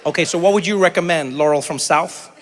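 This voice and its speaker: A man in his thirties with a South African accent doing stand-up crowd work, animated and breaking into loud high impressions. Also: fairly quick. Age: 30s. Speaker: stand-up comedian. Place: large theater stage. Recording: live hall with faint crowd noise.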